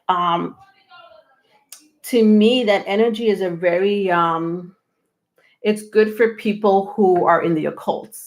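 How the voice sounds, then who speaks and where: A woman hosting a tarot live stream, talking casually, a little out of breath, rambling with many pauses and restarts. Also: mid-range voice. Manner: rambling, many ums and restarts, laughs often. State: slightly out of breath.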